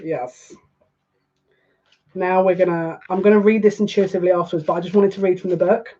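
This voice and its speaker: A woman's voice: lowish voice, steady tone, a little fast, warm tone, breathy edge. A woman doing a live tarot reading, chatting with emotional asides and reading aloud from a card book. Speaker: psychic card reader. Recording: dull lo-fi recording.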